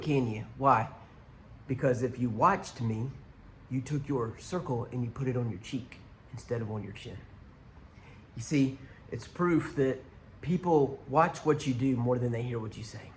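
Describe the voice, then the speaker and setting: A man's voice: medium pitch, a little hiss or hum. A man preaching a conversational sermon to viewers watching online, speaking through a church sound system. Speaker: pastor.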